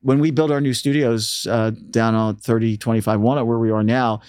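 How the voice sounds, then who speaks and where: A man in a casual interview, a radio station staffer appearing as a guest, tells animated stories about his work and acts out quotes in a raised voice. His mid-range voice moves fairly quickly with a clean tone. The recording is dry and studio quality.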